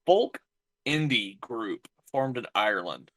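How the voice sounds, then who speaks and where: A married man co-hosting a casual podcast, speaking bluntly and deadpan, often trailing off mid-sentence. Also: medium pitch, slow pace. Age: adult, married. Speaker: podcast co-host.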